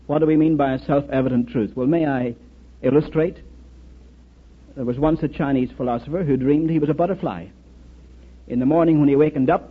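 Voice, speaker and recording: A man's voice: on the high side, husky. A man who served as a military chaplain, giving an earnest lecture full of anecdotes and rhetorical questions, on a dull lo-fi recording. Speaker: speaker, former military chaplain.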